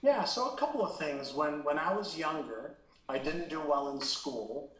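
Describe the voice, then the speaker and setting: A middle-aged man from Israel tells his own story as an interview guest, earnest and full of feeling. His voice sits a little high for a man and sounds roomy, picked up from some distance. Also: animated, normal speed, fairly bright tone. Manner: earnest and emotional, with many fillers and restarts. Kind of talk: candid personal storytelling.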